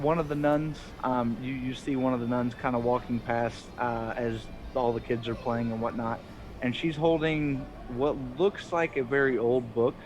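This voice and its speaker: A man's voice: medium pitch, a little hiss or hum, rough recording. A man narrating a tabletop game as game master, rambling and correcting himself as he goes.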